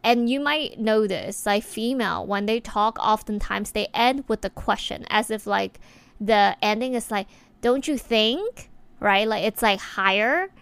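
A woman's voice: mid-range voice, moderate pace, creaky, a bit bright, clear, resonant tone, dry recording. A woman speaking in a casual talking-to-camera monologue, reflective and chatty with many filler words.

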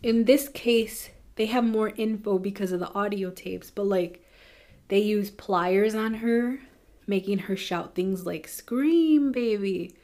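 A woman hosting a podcast, telling a true crime case in a casual, chatty way with quick asides. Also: medium pitch, steady tone, darkish tone. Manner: chatty, fast asides with nervous laughs. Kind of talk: casual storytelling.

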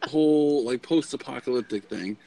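A man's voice: mid-range voice, normal speed, gravelly, warm tone, low-quality recording. A man co-hosting a casual podcast chat, rambling through stories and laughing at his own jokes. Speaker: podcast co-host.

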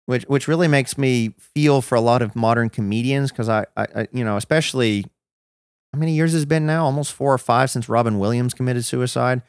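A man's voice: mid-range voice, brisk, smooth, dry recording, studio quality. A man as a podcast guest, telling his own story in a reflective, self-deprecating way with many restarts. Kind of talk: personal storytelling in a podcast interview.

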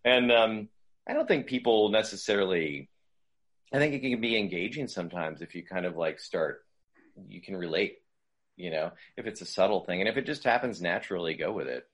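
A man's voice: deep voice, expressive, a little fast, fairly bright tone. A man speaking as a guest voice coach, giving conversational advice in a loose, rambling way with many fillers and restarts.

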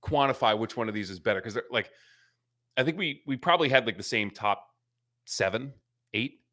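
A man's voice: medium pitch, lively intonation, a little fast, pushed and bright. A man co-hosting a podcast, laid-back and laughing often as he chats about sketches. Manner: swears casually. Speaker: podcast co-host. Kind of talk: casual chat.

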